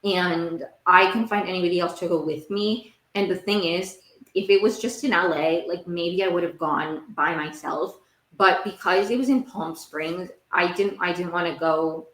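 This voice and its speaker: A woman's voice: on the low side, normal speed, a bit bright. A young woman hosting a podcast, recapping TV shows in a casual, rambling monologue. She speaks emphatically, says "like" a lot and repeats her phrases. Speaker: podcast host. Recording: roomy echo.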